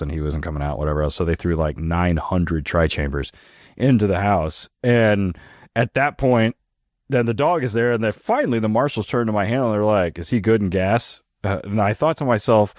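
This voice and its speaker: Low voiced guy cussing a lot, casual podcast chat, dry close sound. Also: no room sound. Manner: profane, animated storytelling. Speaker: podcast co-host, police dog program lead.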